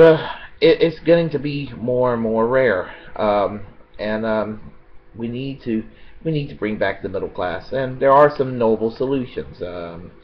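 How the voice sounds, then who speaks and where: An American man giving a rambling, unscripted political monologue, halting with many fillers and restarts and blunt with profanity. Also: on the low side, highs cut off, slight background noise. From United States.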